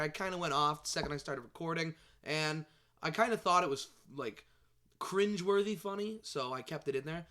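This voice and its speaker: A man vlogging about movies in casual chat, excitable and rambling, swearing and tripping over his words. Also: a little high, normal speed.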